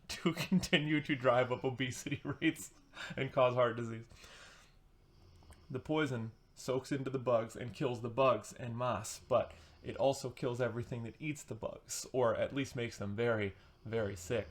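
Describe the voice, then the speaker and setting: A man's voice: medium pitch, steady tone, moderate pace. A man giving a casual, sarcastic and rambling book review as a vlogger, with comic asides.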